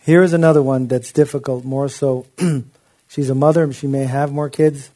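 A man's voice: medium pitch, fairly even intonation, moderate pace, dark tone. A man preaching a sermon in an impassioned, conversational way, with frequent asides to his listeners.

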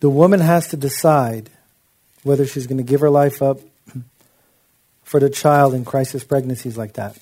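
A man's voice: medium pitch, fairly even intonation, normal speed, pauses often, mellow. A man preaching a sermon in an impassioned, conversational way, with frequent asides to his listeners.

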